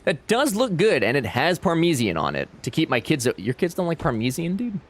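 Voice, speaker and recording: A man's voice: on the high side, huge pitch swings, brisk. A man streaming a game, chatting with his viewers in a playful, teasing way. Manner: playful, teasing, jokey banter. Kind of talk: casual live-stream chat with viewers.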